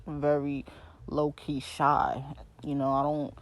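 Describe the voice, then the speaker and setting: A woman in her twenties with a New York accent, hosting her podcast and telling a story in a slangy, animated way, speaking straight to her listeners. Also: deep voice, slow pace. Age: 20s. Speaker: podcast host. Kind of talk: casual storytelling rant.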